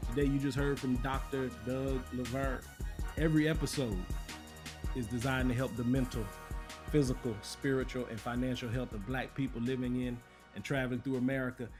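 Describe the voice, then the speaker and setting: A man hosting a podcast, thanking his guest and reading a scripted sign-off. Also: medium pitch. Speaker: podcast host. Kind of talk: podcast outro. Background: music.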